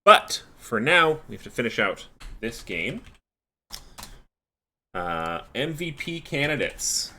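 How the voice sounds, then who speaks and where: A man's voice: medium pitch, very animated, slow pace, long pauses, sharp tone, a little hiss or hum. A man casting a live esports match, calling the plays and then chatting casually and wearily with his co-caster. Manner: tired, casual, yawning. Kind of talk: live esports play-by-play and chat.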